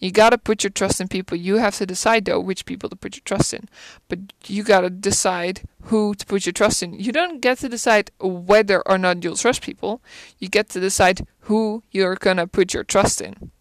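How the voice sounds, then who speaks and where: A woman talks through her thoughts in a relaxed, rambling way, pausing to hunt for words and posing questions aloud. Her voice is smooth and clear, and the recording is close and dry. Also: mid-range voice, dry recording. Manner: thinks aloud, searching for words and restarting; reflective, asks rhetorical questions. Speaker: film commentator. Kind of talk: casual musing chat.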